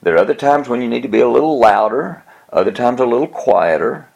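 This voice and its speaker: A man's voice: mid-range voice, animated, quick pace, gravelly, darkish tone. A man giving an earnest, plain-spoken teaching talk on how to preach, with a chuckle now and then. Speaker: preaching instructor.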